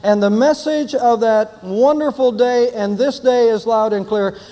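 A man's voice: very high voice, measured pace, dark tone, big-room sound. An older man preaching an Easter sermon as pastor, telling stories and building to emphatic declarations.

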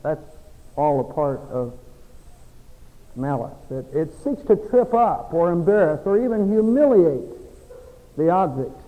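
A middle-aged male pastor preaching a sermon, folksy, swinging between soft, confiding passages and emphatic exhortation. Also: on the high side, sing-song, unhurried, pauses often. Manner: folksy, self-deprecating asides. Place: church sanctuary. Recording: long church reverb.

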